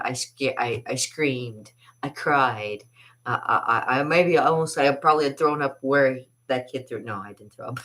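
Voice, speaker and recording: A woman's voice: a bass voice, fairly bright tone. A woman hosting a casual vlog, telling a rambling story with lots of laughter and restarts. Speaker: vlog host and artist.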